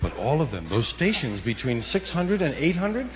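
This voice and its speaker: A man's voice: fairly high pitch, sing-song, moderate pace. A man musing in a rambling, conversational way. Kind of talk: reflective radio talk. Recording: long hall reverb.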